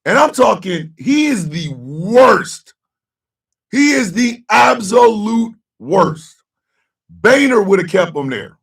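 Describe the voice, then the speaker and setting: A man rants on his talk show and curses freely, going from shouted outbursts to low grumbles. His voice is somewhat high and gravelly, with a wide, jumpy pitch. He sits away from the microphone. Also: sing-song, slow pace, recorded from a distance. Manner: profane, shouting, swings between yelling and muttering. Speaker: host. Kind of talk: loud rant on a casual talk show.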